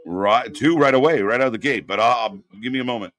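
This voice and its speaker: A man hosting a live wrestling watch-along, giving relaxed shout-outs to the chat. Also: medium pitch, brisk, no echo, clean studio sound.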